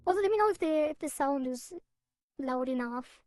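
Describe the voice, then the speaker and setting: A woman's voice: high voice, fairly even intonation, unhurried, dark tone, no room sound, soft background music. A woman streaming a game, chatting casually with her viewers in a rambling, giggly way with playful sound effects. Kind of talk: casual live-stream chat.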